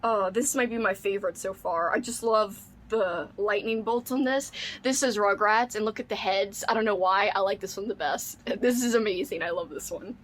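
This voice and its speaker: A woman's voice: medium pitch, moderate pace, fairly bright tone. A young woman book vlogger unboxing mail in casual chat, gushing and squealing with delight, saying "like" and "oh my god" often.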